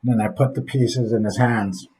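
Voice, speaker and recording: A man speaking earnestly from his office, telling a reflective personal story as a father in recovery, with pauses along the way. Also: medium pitch, steady tone, mellow, rough recording.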